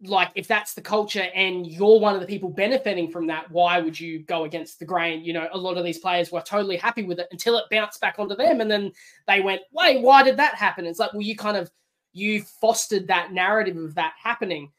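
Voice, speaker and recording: Australian woman, podcast guest, lively and argumentative. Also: lowish voice, brisk. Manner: animated, argumentative, acts out quotes. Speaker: podcast guest, former contestant. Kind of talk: casual podcast chat.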